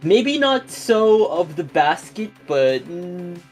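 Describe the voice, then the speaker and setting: A man's voice: high-pitched, soft background music. A man commentating an online video game tournament live, calling the action and laughing along. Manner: rapid excited play-by-play, laughing. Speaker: esports commentator. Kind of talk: play-by-play commentary.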